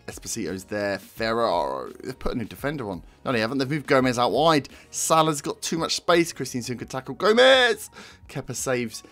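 A man's voice: mid-range voice, fairly bright tone. Ranting man commenting on his game. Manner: swearing, ranting, frustrated outbursts. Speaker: gaming video host.

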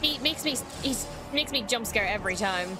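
A woman's voice: on the high side, lively intonation, normal speed, over music. A woman streamer reacting to a cartoon show, blurting exclamations and swearing casually. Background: show soundtrack playing.

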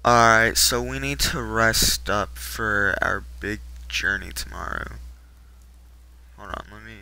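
A man's voice: on the low side, slow pace, vocal fry, bright, forceful tone, clean tone, rough recording. A man streaming a game live, talking casually in a laid-back, profane, muttering way, and sounding sleepy. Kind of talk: casual live gameplay commentary.

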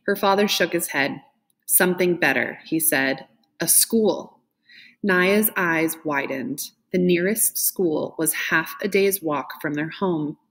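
A woman reads a novel aloud in a fairly low voice. Her delivery is gentle and expressive. She lifts her pitch when the characters speak. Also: measured pace. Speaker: reader.

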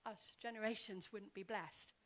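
A woman preaching a heartfelt testimony in church, telling her story earnestly and repeating words as she goes, often sinking to a hushed whisper before building up loud. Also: medium pitch, steady tone, moderate pace. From Wales. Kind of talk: sermon testimony. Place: church hall.

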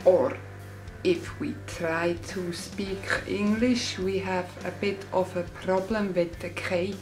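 A woman's voice: fairly low pitch, fairly even intonation, slow. A young Swiss woman with a Swiss German accent, vlogging in a playful, mock-serious way. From Switzerland. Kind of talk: casual sarcastic vlog. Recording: roomy indoor echo, faint music.

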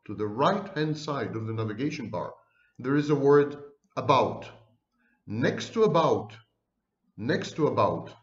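A man's voice: mid-range voice, dull audio. Wry lecturing man in an echoey room. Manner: wry, theatrical asides, slow deliberate emphasis. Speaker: psychology professor. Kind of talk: lecture to camera.

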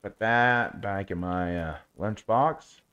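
A man's voice: on the low side, slow pace, pushed and bright, clear, resonant tone, dull audio. A man streaming a video game, chatting to viewers and cooing baby talk at his in-game pet. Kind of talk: casual gameplay commentary.

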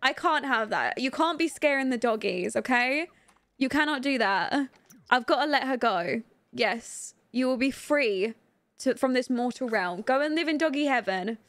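Young woman, high voice, dry close sound, chatty game commentary, giggly. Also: animated, moderate pace, a bit bright, no echo. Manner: chatty, giggly, talks to her viewers and the game characters. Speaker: streamer playing a life-sim game. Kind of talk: casual gameplay commentary.

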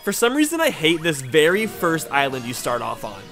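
A man's voice: a little high, wildly swooping pitch, a little fast, fairly bright tone, faint music behind. A young man in casual gaming banter, teasing and cracking crude jokes. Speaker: gaming commentator.

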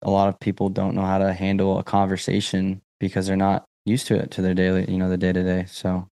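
A man's voice: low voice, monotone, fast talker, vocal fry, mellow, dry recording, studio quality. A man hosting a podcast, answering his guest with casual, appreciative remarks. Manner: affirming, appreciative responses. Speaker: podcast host. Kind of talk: casual interview chat.

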